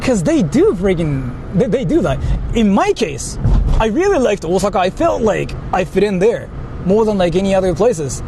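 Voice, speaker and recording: A man's voice: sits high, sing-song, moderate pace. A man vlogging while he drives, talking in a rambling, casual way, full of fillers and swearing. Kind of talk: casual chat while driving. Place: in a car. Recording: faint road noise in a car. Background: faint car and street noise.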